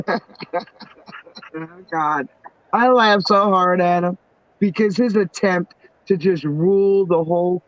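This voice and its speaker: On a stream, a middle-aged New York woman talks casually and bluntly with her family, laughing and cursing a lot. Her voice sits on the low side. There's no room sound, though the audio comes across dull and muffled.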